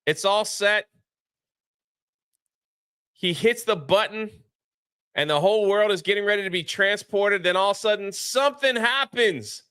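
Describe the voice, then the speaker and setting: A man reviewing a movie in casual chat, retelling the plot with lively, acted-out lines. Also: high-pitched, unhurried, long pauses, clean tone, dry recording, clean studio sound. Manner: animated retelling, acts out lines.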